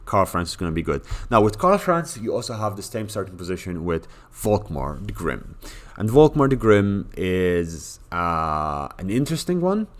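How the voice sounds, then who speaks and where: A man's voice: low-pitched, big pitch swings, normal speed. A man talking casually through a game tier list, blunt and joking, with many fillers and restarts. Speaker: gaming commentator.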